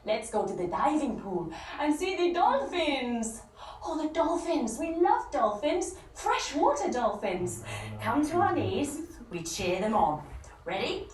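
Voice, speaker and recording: A woman leads children through a yoga story, playful and full of chants. Her voice sits high and swoops about with lots of movement. The recording is echoey and distant, with steady noise in the background. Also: measured pace. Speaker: day camp leader.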